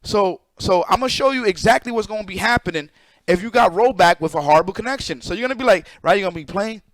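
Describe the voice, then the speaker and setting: A high-pitched man on a live stream, ranting loosely and cursing freely as he explains things to his chat. His voice sits close and dry on the mic, with no room sound around it. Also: fast talker, dry recording. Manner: profane, animated, talks to chat. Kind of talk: casual live-stream rant.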